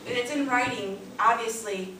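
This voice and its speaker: A woman's voice: a little high, normal speed. Female co-presenter, chatty SI leader; distant, very echoey room with noticeable noise. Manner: conversational, uses "you know" and "um" often. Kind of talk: workshop presentation.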